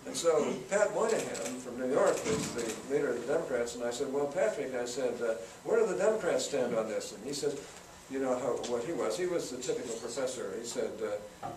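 An older man, a senator appearing as a guest speaker, spins a long political anecdote for students in a campus event room, folksy and acting out quotes. His mid-range voice is lively, a little fast, with few pauses. The recording is roomy, distant and noisy.

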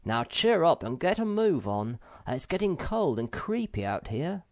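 A warm-hearted young troll from a storybook talks in a brisk, comforting way, put on by a man reading aloud. The voice is lifted well above a normal speaking tone and moves about freely. Behind it there is a dry, close sound. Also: a little high, very animated, no room sound, voice pushed up. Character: cheerful, caring young male troll. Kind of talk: audiobook character voice.

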